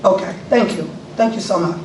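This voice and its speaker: A woman's voice: medium pitch, fairly quick. A woman speaks in a middling voice, firm and pointed as she questions the board. She is far from the mic, and the meeting room echoes around her over a faint hiss. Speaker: community member addressing the board. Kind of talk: public comment at a board meeting. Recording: echoey room, picked up from afar.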